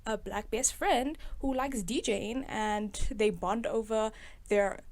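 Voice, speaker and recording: A woman's voice: fairly high pitch, slow, darkish tone. Sarcastic young woman reviewing a movie. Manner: sarcastic, chatty, laughs often. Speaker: video host reviewing a film. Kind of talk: casual commentary.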